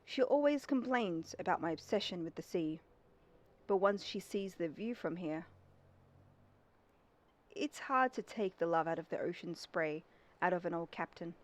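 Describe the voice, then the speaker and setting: Game diary: a woman reading an old sea captain's lines, slow and plain. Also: on the low side, animated, close to an everyday voice. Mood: wistful. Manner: slow read-aloud diary narration. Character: old male sea captain, lighthouse keeper writing diary.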